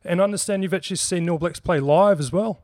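A man with a New Zealand accent runs a relaxed interview at a brisk pace. His voice is recorded close and dry. He keeps the guest talking with short, encouraging replies. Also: sits high, dry recording. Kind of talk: casual interview.

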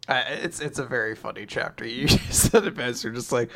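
A man's voice: mid-range voice, animated, normal speed, few pauses, fairly bright tone. A man co-hosting a podcast, casually recapping a manga chapter, laughing and joking as he acts out lines. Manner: laughing, joking, acting out quotes. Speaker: podcast co-host.

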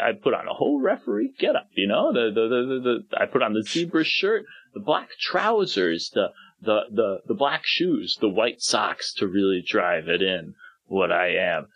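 A man with a lowish, husky voice whose pitch swings widely as he stumbles through a long comic ramble, repeating words as he goes. He is recorded close and dry. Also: very animated, moderate pace, fairly bright tone, no room sound, highs cut off. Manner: rambling, repeats words, mock-grand asides. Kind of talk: casual banter.

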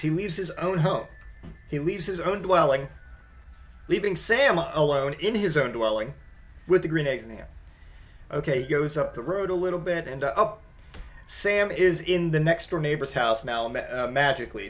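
Wry, rambling man doing casual commentary. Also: a little high. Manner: rambling, wry, halting with many fillers. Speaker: comedic commentator.

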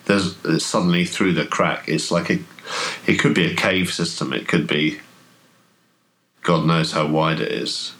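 A man running a tabletop horror game as game master, telling the scene in a relaxed, hesitant way with many fillers. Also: deep voice, unhurried. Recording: podcast audio.

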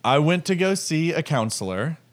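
A man's voice: a little high, very animated, moderate pace. A young man co-hosting a podcast, telling stories in a casual chat full of "like" fillers. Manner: chatty storyteller, many "like" fillers. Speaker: podcast co-host.

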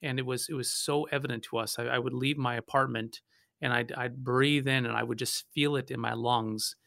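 Gravelly, bright-voiced pastor. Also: male voice, mid-range voice, normal speed, no echo, clean studio sound. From North Dakota. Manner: animated storytelling with frequent restarts. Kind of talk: conversational theological discussion.

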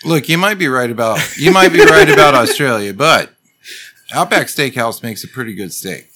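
A man's voice: mid-range voice, lively intonation, normal speed, very noisy. A man chatting casually with friends, offhand and laid-back. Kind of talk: casual podcast banter.

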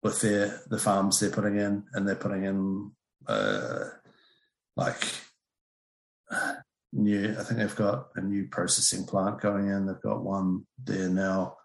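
A man's voice: deep voice, slow, gravelly, roomy sound. A man, a brewer guest chatting casually and hesitantly, with many fillers. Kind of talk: casual chat on a video call.

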